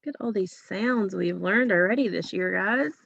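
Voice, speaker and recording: A woman's voice: medium pitch, normal speed, vocal fry, fairly bright tone, no echo, highs cut off. A woman teacher giving a phonics lesson to young children, patient and drawing out each sound.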